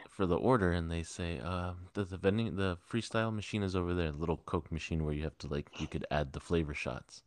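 A man co-hosting a podcast, telling a story in a casual, profane, animated way and acting out the people in it. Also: low voice, no room sound. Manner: profane, animated retelling with quoted voices. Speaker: podcast co-host. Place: podcast studio.

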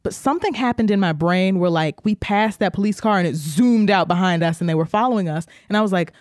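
A woman's voice: mid-range voice, quick pace, a little mellow, no echo, studio quality. A woman podcast co-host telling a story in casual chat, laughing often and acting out the voices she quotes.

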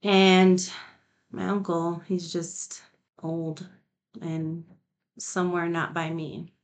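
Speaking slowly with a fairly low pitch and flat delivery, a woman hosts a podcast in relaxed conversation. Her tone is nonchalant, heavy with swearing and frequent "like"s, and she laughs between sentences.

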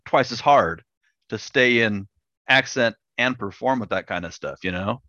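A male host keeps the chat easygoing and laughs readily. His voice is low-ish but crisp and bright. The recording is dull and lo-fi, with a dry, close sound. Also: measured pace, no room sound. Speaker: podcast host. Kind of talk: casual interview chat.

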